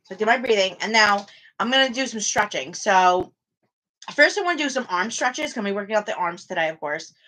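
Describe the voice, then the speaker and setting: Speaking a little fast with lively intonation, a medium-pitched woman chats to viewers while streaming her home workout from a small room. Her tone is bright and forceful; she's chatty, rambles, and often restarts, addressing the live chat. The recording, made on a phone or camera, is low quality.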